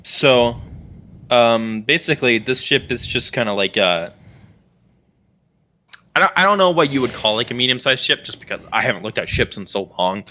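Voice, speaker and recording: A man's voice: medium pitch, animated, normal speed, pushed and bright. A young man narrating a tabletop game as game master, rambling with many fillers.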